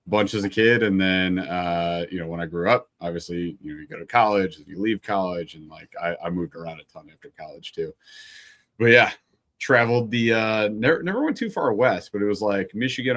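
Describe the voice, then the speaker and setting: A man's voice: low voice, fairly bright tone. A man in his thirties from Ohio, chatting casually as a podcast guest, laughing often and joking about himself. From Ohio, USA. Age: 30s. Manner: laughs often, self-deprecating, loose. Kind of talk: casual chat.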